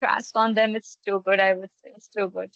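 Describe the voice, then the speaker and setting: A woman's voice: mid-range voice, level tone, brisk, creaky, a bit bright, no echo. A young woman who studies literature, recommending books enthusiastically with plenty of fillers. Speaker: literature student. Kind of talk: casual discussion. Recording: dull dry lo-fi sound.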